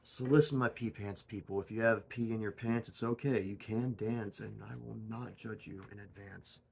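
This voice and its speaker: A man hosting his own channel in a goofy, erratic comedic monologue, swinging from loud outbursts to mumbled asides. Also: fairly low pitch, fairly even intonation, normal speed, creaky, breathy edge. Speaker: channel host.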